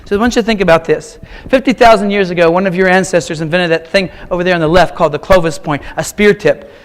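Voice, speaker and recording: This keynote speaker, a fifty-something art teacher from Kansas, talks quickly in a high voice. He keeps the humorous talk moving with wry stories at his own expense, delivered in short, punchy lines like a teacher working a room.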